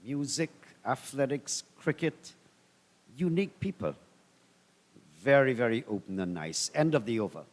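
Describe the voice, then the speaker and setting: A man's voice: mid-range voice, very animated, unhurried, big-room sound. A man giving live cricket commentary with easygoing, conversational analysis of the play.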